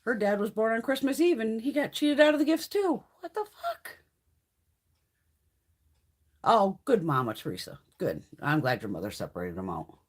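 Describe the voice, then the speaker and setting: A woman's voice: medium pitch, big pitch swings, normal speed. A middle-aged woman hosting a beauty livestream, telling stories in a blunt, profane, casual way. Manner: profane, blunt storytelling with frequent swearing and laughs.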